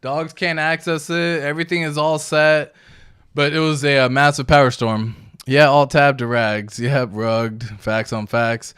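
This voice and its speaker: A man's voice: on the high side, fairly even intonation, measured pace, fairly bright tone, clean tone. A man hosting a casual crypto livestream, reading viewer comments aloud in a laid-back, slangy way and chuckling often.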